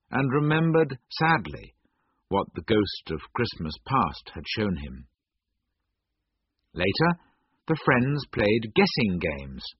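A man narrating a storybook in a slow, measured reading. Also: slightly rough, no room sound, dull audio. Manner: slow, measured reading with wide pitch swings.

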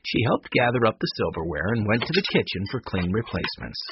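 A man narrating a children's storybook in a calm, measured, expressive way, on a dull lo-fi recording. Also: fairly low pitch, background noise. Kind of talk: storybook reading.

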